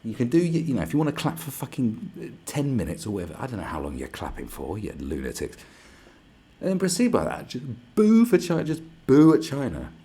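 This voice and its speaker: A man's voice: mid-range voice, huge pitch swings, brisk, dark tone, breathy edge. A man ranting to camera, sarcastic and mocking, swearing a lot. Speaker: vlogger. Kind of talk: angry profane rant.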